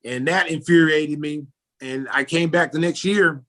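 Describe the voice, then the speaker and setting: A middle-aged American man, a former basketball player turned announcer, telling stories in a casual interview and acting out the people in them. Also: measured pace. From United States. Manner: animated storyteller, acts out quoted people with jumps in pitch and loudness.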